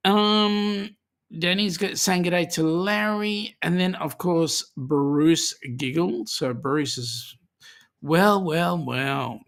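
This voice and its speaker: Slow-talking Australian-accented host. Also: male voice, high voice, fairly bright tone. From South Africa. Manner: reads viewer comments aloud, chatty, many ums. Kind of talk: livestream chat.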